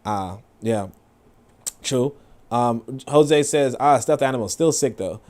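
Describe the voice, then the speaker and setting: A man's voice: medium pitch, slow pace, darkish tone. A young adult man hosting a casual, profane commentary stream and reading comments aloud. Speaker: show host.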